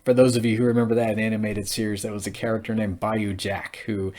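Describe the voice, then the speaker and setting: A man in his thirties reviews an old TV episode in a relaxed, rambling monologue. His voice sits on the low side. He fills his pauses with frequent "uh"s and "um"s as he talks. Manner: rambling, halting, with frequent fillers. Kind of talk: casual recap monologue.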